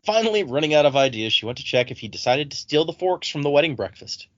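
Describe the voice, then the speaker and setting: Animated man recapping a book. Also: on the high side, fast talker, dry recording, lo-fi sound. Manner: animated retelling, reads quotes in put-on voices. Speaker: podcast co-host. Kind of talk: casual book discussion podcast.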